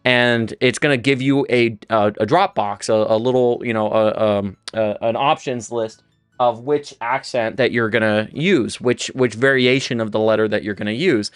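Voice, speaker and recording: A man's voice: medium pitch, moderate pace, clean tone, no room sound, studio quality, faint music behind. A man who is a native English speaker, teaching Spanish on a casual livestream, rambling and often restarting his sentences. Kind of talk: livestream lesson.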